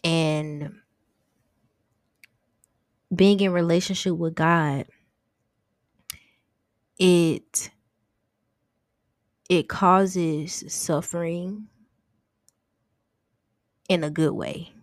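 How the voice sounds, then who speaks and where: Speaking extremely slowly with frequent pauses, a young woman hosting an informal faith podcast keeps a steady, lowish voice while earnestly opening up about her thoughts. She revisits her own phrasing as she goes, captured in a close, dry recording.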